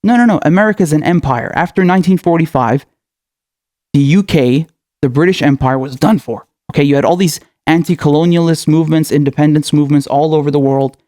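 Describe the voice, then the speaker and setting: A man's voice: a little high, brisk, warm tone, dry recording, clean studio sound. A male political commentator in a furious, profane rant, firing off angry questions.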